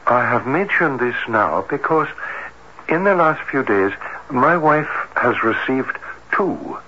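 An actor playing a cautious, formal doctor who speaks earnestly and hesitantly in a 1970s radio drama. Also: male voice, medium pitch, lively intonation, takes it slowly. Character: cautious, formal male doctor, a man of science. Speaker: cardiologist. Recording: dull lo-fi vintage radio with faint hiss.

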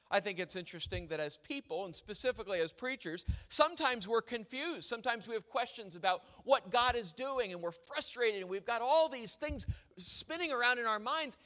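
A man's voice: sits high, expressive, normal speed, bright, forceful tone, in a large hall. A young man preaching a sermon, mixing funny family stories with scripture reading. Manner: storytelling with humor, then reading scripture.

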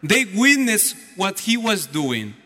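Slow bright-voiced deacon preaching. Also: male voice, sits high, big pitch swings. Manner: storytelling, acting out voices. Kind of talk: homily. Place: church. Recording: echoey church hall.

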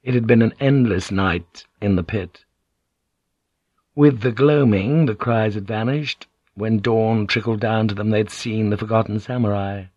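A man giving scripted audiobook narration in a measured, grim storytelling manner, on a dull, lo-fi recording. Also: on the low side, a little mellow, no room sound.

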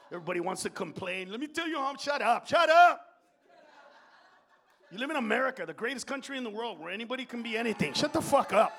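A middle-aged man doing live stand-up in a comedy club, profane and shouting, dropping Spanish slang. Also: very high voice, expressive, fast, long pauses, slight background noise.

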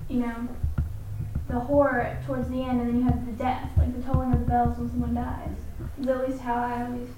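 A woman's voice: on the high side, completely flat delivery, a little fast, noisy background. A woman student reads verse aloud and shares her view in a class discussion. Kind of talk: class discussion and poem reading. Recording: echoey classroom from far off.

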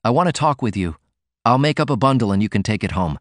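A man's voice: lowish voice, animated, fast talker, dry recording, studio quality, close to an everyday voice. A man voicing an earnest, eager young male sailor who writes poetry. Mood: pleading.

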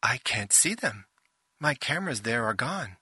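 A man's voice: mid-range voice, sing-song, unhurried, pushed and bright, husky, no room sound, clean studio sound, exaggerated voice. A man voicing a female starship intelligence, formal, precise and fretful. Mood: uneasy.

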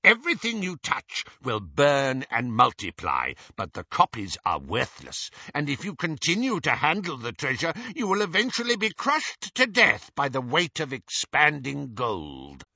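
A man's voice: mid-range voice, wildly swooping pitch, a little slow, creaky, few pauses, sharp tone, husky, no echo, muffled recording, exaggerated voice. Curt goblin, voiced by a man: clipped, cold, strained timbre. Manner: clipped, snarling.

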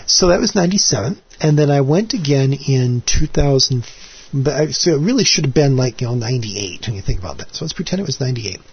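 Husky, rambling man hosting a podcast. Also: medium pitch, animated, fast talker, dull audio. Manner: rambling, self-deprecating, with many restarts and asides. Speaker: podcast host. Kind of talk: casual solo podcast monologue.

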